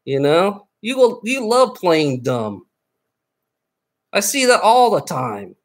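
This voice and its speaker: Angry livestreamer guy, slightly high voice, profane, stammering rant. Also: sing-song, slow. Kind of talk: casual live stream rant.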